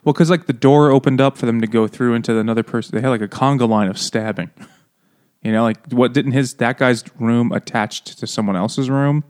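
A man's voice: mid-range voice, a little fast, a little mellow. A man co-hosting a casual book podcast, joking and sarcastic, laughing often as he talks. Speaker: podcast co-host. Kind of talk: casual chat.

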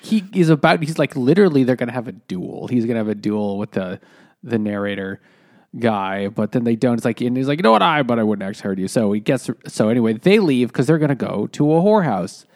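A man's voice: mid-range voice, animated, fairly quick, darkish tone. A man casually retelling a book's plot in a rambling, laughing way.

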